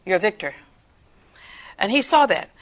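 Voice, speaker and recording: An older woman preaching a sermon, emphatic and animated, acting out the people she quotes. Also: medium pitch, moderate pace.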